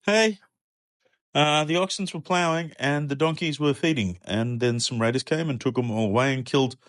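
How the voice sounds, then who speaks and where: A frantic male messenger stammers out bad news in a shrill, squeaky pitch, as a man puts him on. The delivery is loud and breathless with panic, recorded dry and close. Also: animated, normal speed, no room sound, lightly acted. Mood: panicked.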